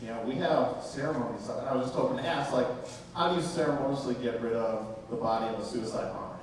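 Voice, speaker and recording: A man's voice: medium pitch, steady tone, fast talker. A male stand-up comedian doing a brash, profane set on a live club stage, teasing the crowd while they laugh. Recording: echoey, distant from the mic, noisy. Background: audience laughter.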